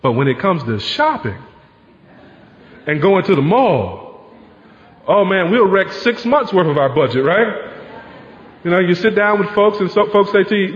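Pastor, male, conversational sermon delivery, slightly high voice, long hall reverb, dull lo-fi sound. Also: animated, moderate pace, pauses often. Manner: conversational preaching, rhetorical asides.

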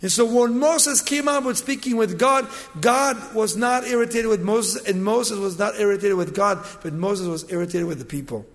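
Brief: high-voiced male preacher, dramatic storyteller, recorded in an echoing church hall. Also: moderate pace, few pauses. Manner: storytelling, dramatic swings from loud to hushed. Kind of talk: sermon. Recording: long hall reverb.

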